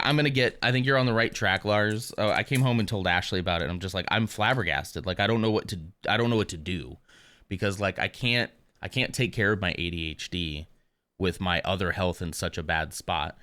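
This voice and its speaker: A man's voice: low-pitched, sharp tone, dry recording. A man streaming live, chatting candidly and rambling with asides about his day. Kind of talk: casual chat.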